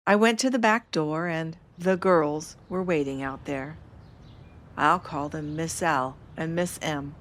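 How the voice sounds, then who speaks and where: A woman's voice: low voice, slow, fairly bright tone. A woman, the podcast host, reading her memoir aloud in the first person, with wry self-mocking humor.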